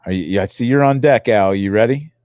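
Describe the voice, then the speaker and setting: A man's voice: on the low side, dry recording, muffled recording. Middle-aged man hosting a joking chat. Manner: joking, excitable, hurried restarts. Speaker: podcast host. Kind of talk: casual chat.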